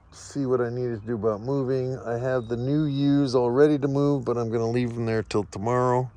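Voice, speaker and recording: A man, a sheep farmer, chatting relaxed in a casual farm vlog outside in a pasture, talking to his animals, recorded on a handheld camera. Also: medium pitch. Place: outdoor pasture among solar panels. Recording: noisy outdoor recording.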